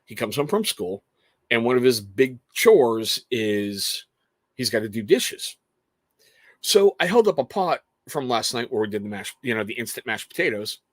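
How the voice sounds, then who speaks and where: A man in his thirties hosting a casual show, telling family stories in an animated way and laughing often. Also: medium pitch, normal speed, no room sound. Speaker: podcast host talking to chat. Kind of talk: casual chat.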